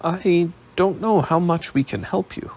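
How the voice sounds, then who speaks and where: A polite, guarded young nobleman in a storybook reading, voiced by a man, pitched slightly above the reader's own voice. The tone is measured and careful, with a gravelly, husky edge running through it. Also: a little mellow. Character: young male aristocrat in disguise, careful. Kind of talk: audiobook character voice.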